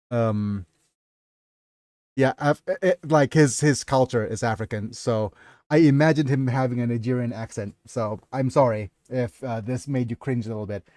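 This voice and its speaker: A man chatting casually on a livestream about his novel, halting and apologetic, with many fillers. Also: mid-range voice, a little mellow, no room sound, clean studio sound.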